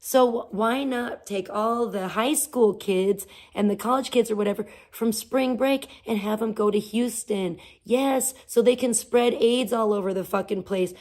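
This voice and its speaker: A woman's voice: a little high, measured pace, hardly any pauses, darkish tone. A woman hosting a livestream, venting casually with profane, sarcastic rants and talking to her chat. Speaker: livestream host.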